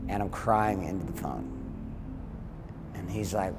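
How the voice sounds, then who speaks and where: A man's voice: sits low, normal speed, creaky, pauses often, noisy background. A man giving earnest, confessional documentary testimony about his own life. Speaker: speaker sharing his story. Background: loud music score.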